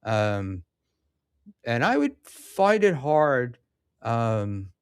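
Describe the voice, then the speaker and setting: A man hosting a casual livestream, reading chat messages aloud and answering them. He talks slowly and loses his thread, full of ums and restarts, with a dry, sarcastic edge. The sound is close and dry, with no room around it. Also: medium pitch, sing-song, clear, resonant tone, no echo.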